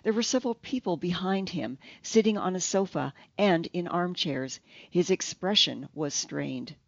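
A narrator reads an audiobook in a measured, even voice at a middling pitch. The recording is dry, with no room sound, and slightly dull and lo-fi. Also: creaky, no echo. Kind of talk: scripted first-person narration.

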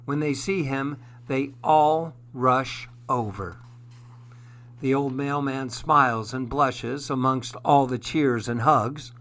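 A man narrating a children's story in a gentle, expressive way. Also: medium pitch, slow.

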